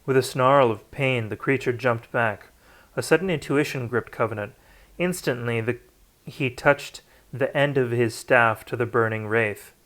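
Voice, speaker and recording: Guy reading a fantasy book out loud, unrehearsed, mid pitch, trips over a word now and then. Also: a little slow. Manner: occasional slips and restarts. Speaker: audiobook narrator. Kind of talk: unrehearsed read-aloud narration.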